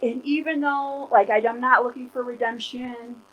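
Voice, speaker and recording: A woman in her forties preaching in a loose, conversational way. Her voice sits a little high, and she talks candidly, with plenty of "like" and "you know". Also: fairly even intonation, moderate pace, lo-fi sound. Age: 40s. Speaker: pastor. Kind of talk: conversational sermon.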